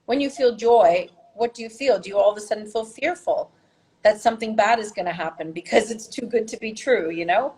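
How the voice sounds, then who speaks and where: A woman podcast guest who works as a healer, talking at an ordinary middle pitch. She explains things in a lively, expressive way, often laughing and letting her voice leap upward. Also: brisk, poor audio. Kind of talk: conversational interview.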